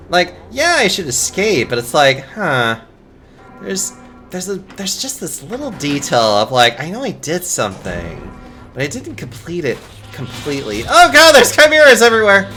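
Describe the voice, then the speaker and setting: Relaxed streamer, unhurried, pitch swinging widely, cursing and laughing, faint game music under. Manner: chatty, swears freely, laughs often. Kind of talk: casual live-stream chat.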